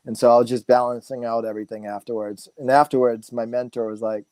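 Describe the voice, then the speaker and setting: A man in his forties, a guest speaker, telling stories in a relaxed, rambling way full of fillers and restarts. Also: medium pitch, fast talker, no room sound. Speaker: guest speaker, massage therapist. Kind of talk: casual storytelling interview.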